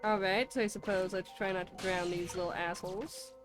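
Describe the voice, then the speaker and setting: A woman's voice: mid-range voice, fairly even intonation, brisk, over music. A woman streaming a video game, giving sarcastic, profane commentary as she plays. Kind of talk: gaming commentary.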